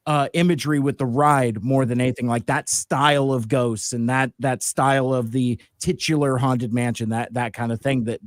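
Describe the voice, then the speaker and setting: Speaking at medium pitch, a man hosts a live-stream podcast, chatting casually and rambling loosely with lots of fillers and restarts. The sound is clean studio audio without room sound.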